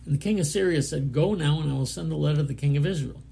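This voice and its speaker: A man preaching a Bible lesson, reading scripture aloud and explaining it in a casual, halting way with fillers. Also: fairly high pitch, gravelly, mellow, husky. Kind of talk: Bible study sermon, reading scripture and commenting.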